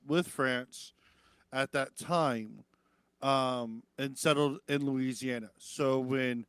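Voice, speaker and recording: A man's voice: medium pitch, a bit bright, clean tone, no room sound. A man hosting a live-stream talk show, rambling casually and swearing, lifting his voice to mimic others. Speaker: podcast host.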